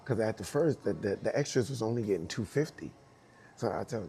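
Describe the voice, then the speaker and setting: A man's voice: fairly low pitch, fairly quick, a crowd in the background. A man telling a story from his dance career in a casual interview, acting out the voices of people in it and laughing often. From New York. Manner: animated, acts out dialogue, laughs often.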